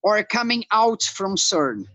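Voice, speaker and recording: A man from Brazil with a Brazilian Portuguese accent, a guest blacksmith chatting casually over a call, halting as he searches for words in a language that is not his first. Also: high voice, sing-song, pushed and bright, no echo. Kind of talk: casual video call chat. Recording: muffled call audio.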